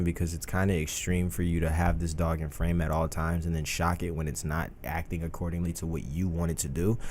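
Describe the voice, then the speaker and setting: A man giving casual reaction commentary, riffing in a slangy, profane, animated way. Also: low-pitched, slight background noise. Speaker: reaction streamer.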